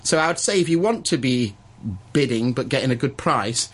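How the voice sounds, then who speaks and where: A man who works as an auctioneer, chatting as a guest on a radio show and breaking into a fast rhythmic bid-calling chant. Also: medium pitch, animated, fairly bright tone. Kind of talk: radio studio chat with live auction chant. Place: radio studio.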